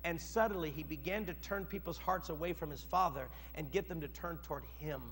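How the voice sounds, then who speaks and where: A male preacher with a high, bright voice, telling a story in a sermon. He drops into quiet narration, then rises to loud, dramatic peaks. A long reverb hangs in the church hall. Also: a little fast, soft background music.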